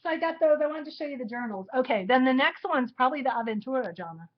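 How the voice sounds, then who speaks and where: A woman with a slightly high voice chats casually on a live stream and nudges her co-host to tell the story. The audio is dull and lo-fi. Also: expressive, quick pace. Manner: chatty, prompting her co-host.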